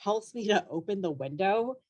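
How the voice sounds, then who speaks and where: A woman's voice: mid-range voice, lively intonation, normal speed, darkish tone. A young woman, a comedian guest, telling a story in casual chat, rambling with lots of fillers and laughing through it.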